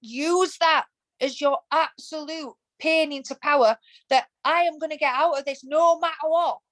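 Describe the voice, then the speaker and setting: A woman's voice: high voice, normal speed, fairly bright tone, poor audio. A woman in her thirties, a podcast guest, talking in a passionate, emphatic way in a casual interview. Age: 30s. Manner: emphatic and passionate, acts out quoted thoughts.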